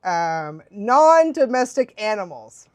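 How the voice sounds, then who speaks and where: Animated, laughing woman streamer. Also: slow pace, dry recording. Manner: animated, laughs often, acts out quotes in high voices. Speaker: dog trainer and livestream host. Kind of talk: casual livestream Q&A chat.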